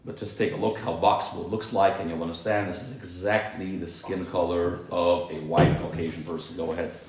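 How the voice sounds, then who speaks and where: A man's voice: sits low, level tone, fairly quick, darkish tone, heavy reverb, slight background noise, rough recording. A man teaching a small group around a table, explaining at length with many religious terms. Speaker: class teacher. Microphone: phone recording on the table.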